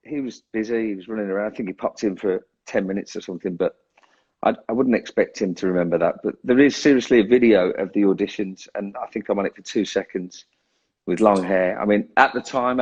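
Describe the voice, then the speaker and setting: A man's voice: fairly low pitch, quick pace, a little mellow, slightly rough, lo-fi sound. A drummer being interviewed, a man talking in a casual, self-deprecating way who laughs often and restarts his sentences. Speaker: guest drummer.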